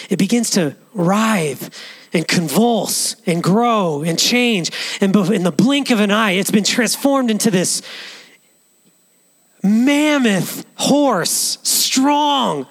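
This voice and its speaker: A male pastor preaching a sermon in an earnest way, with frequent restarts. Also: sits high.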